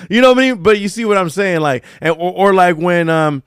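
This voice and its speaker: A man's voice: sits high, fairly quick, a bit bright, clear, resonant tone, no echo, clean studio sound. A man hosting a casual podcast, talking in a thoughtful, rambling way. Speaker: podcast host.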